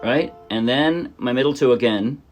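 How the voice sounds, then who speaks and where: Man, ukulele lesson, casual and rambling, mid-pitched voice, loud ukulele strumming underneath. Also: normal speed, loud music behind the voice. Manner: relaxed, thinking aloud, with fillers and self-corrections. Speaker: ukulele teacher. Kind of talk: casual step-by-step music lesson.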